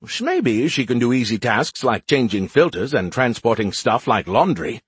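A man's voice: mid-range voice, very animated, moderate pace, husky, dry recording. A man voicing a perky, smug male AI in a beer can, teasing and snarky, for an audiobook. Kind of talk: audiobook character voice.

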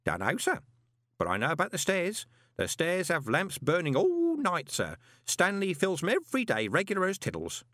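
A man's voice: high-pitched, wildly swooping pitch, moderate pace, pushed and bright, no room sound, studio quality, pitched above the performer's own voice, full character voice. A man voicing a fussy old male postal worker who babbles and quavers. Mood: babbling. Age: older.

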